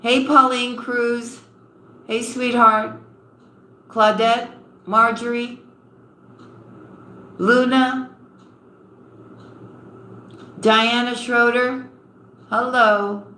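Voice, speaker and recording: A woman reading tarot on a live stream and warmly greeting viewers, calling them honey and sweetheart. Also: a little high, flat delivery, extremely slow, pauses often. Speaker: tarot reader. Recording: roomy echo with faint ambience.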